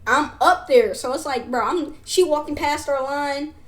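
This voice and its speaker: A young woman streamer telling a school story to her chat, animated, loose and full of slang. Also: high voice, unhurried. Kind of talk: casual storytime chat with viewers.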